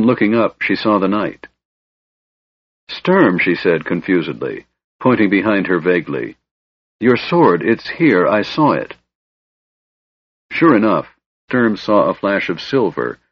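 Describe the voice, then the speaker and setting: A man reading a fantasy audiobook in a measured, dramatic narration. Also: low voice, no room sound. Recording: dull lo-fi recording, dry.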